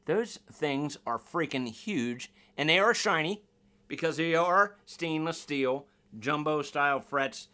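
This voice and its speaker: A man with a fairly high, bright, forceful voice, chatting loosely through a guitar unboxing. He rambles, corrects himself and jokes at his own expense, keeping the tone easygoing. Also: takes it slowly. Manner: rambling, self-deprecating, jokey. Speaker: guitar reviewer. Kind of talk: casual unboxing review.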